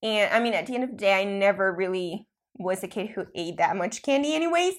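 A woman from Mexico chatting casually on a podcast. She tells stories in an animated way, full of quick asides and self-corrections, at an ordinary middle pitch.

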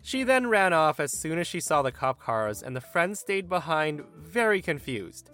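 A young man narrating a story from an online forum, lively and expressive, acting out the quoted lines. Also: moderate pace, faint music behind. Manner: lively, acts out quoted lines with raised pitch. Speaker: narrator reading a Reddit story.

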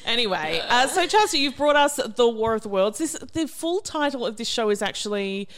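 A woman's voice: on the high side, sing-song, crowd noise. Woman, podcast host, casual chat, giggly, jokey. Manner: giggly, chatty, quick to joke.

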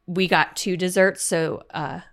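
A woman co-hosting a relaxed podcast, telling food stories with plenty of enthusiasm. Her voice sits on the lower side for a woman. She talks in an easygoing, chatty way. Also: a little slow, creaky. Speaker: podcast co-host. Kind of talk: casual chat.

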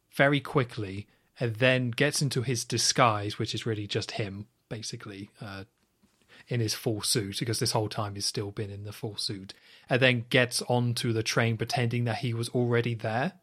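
A man's voice: medium pitch, a bit bright. Chatty man co-hosting a film podcast. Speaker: podcast co-host. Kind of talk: casual film review chat.

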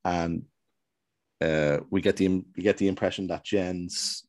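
Very deep-voiced man recapping a show. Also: fairly even intonation, unhurried, darkish tone, no echo. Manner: rambling, hesitant storytelling. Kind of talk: casual chat recapping a TV show.

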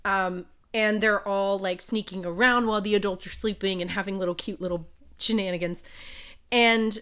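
Bright, animated woman recapping a book. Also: medium pitch, moderate pace, smooth. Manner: animated, swears freely, laughs often. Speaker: podcast co-host. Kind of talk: casual book recap chat.

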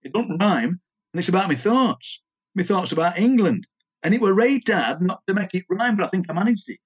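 A husky-voiced man voicing an earnest older man from Yorkshire with a broad accent, proudly telling a friend about his poem. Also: sits high, big pitch swings, a little fast, highs cut off, pitched above the performer's own voice, heavily acted. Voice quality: broad dialect, proud and plain-spoken.

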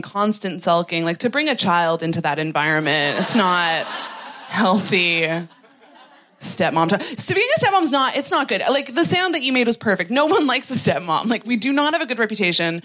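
A Canadian woman doing a stand-up set on a theatre stage, self-deprecating and halting, with lots of "like"s. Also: mid-range voice, a bit bright. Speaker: stand-up comedian. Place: theatre stage, recorded live.

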